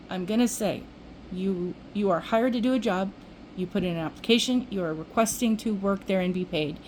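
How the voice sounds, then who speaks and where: A woman's voice: mid-range voice, darkish tone, slight background noise, poor audio. An older woman vlogging, telling a rambling everyday story in casual chat with restarts. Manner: chatty, rambling, with restarts and acted-out quotes.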